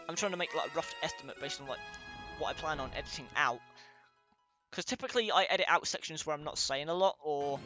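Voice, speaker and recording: Excitable man narrating his gameplay. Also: on the high side. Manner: excitable, rambling, often apologizing to viewers. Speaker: let's play host. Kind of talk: casual gameplay commentary. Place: room at home at a gaming chair. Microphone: headset. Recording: game music clearly behind.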